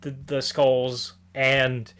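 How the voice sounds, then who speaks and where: A man co-hosting a casual podcast about comics, animated and quick to laugh, often acting out the characters' lines and swearing casually. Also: medium pitch, clean tone. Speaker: podcast co-host.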